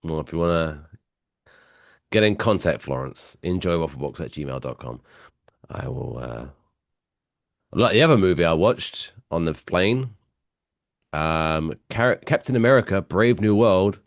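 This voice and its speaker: A man co-hosting a podcast, giving blunt opinions and quick dry quips. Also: sits low, lively intonation, creaky, no room sound. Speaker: podcast co-host. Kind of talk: casual chat.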